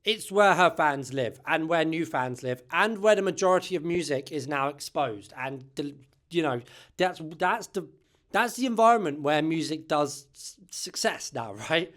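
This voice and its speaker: Speaking straight to camera, a male music-channel host offers opinionated, conversational takes, often tacking "right?" onto his sentences. His voice is on the high side, a bit bright, animated, and moderately paced.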